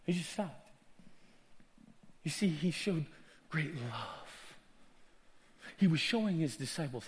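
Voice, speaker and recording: A male pastor delivers a sermon in a high voice that leaps all over the place. He drops to near-whispers, then builds to loud shouts. He acts out the people he talks about. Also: lively intonation, slow pace, pauses often.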